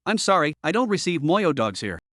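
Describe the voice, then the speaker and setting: A man's voice: a little high, sing-song, brisk, fairly bright tone, no room sound, clean studio sound. A man voicing a wealthy young man who speaks curtly and mockingly. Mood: cold.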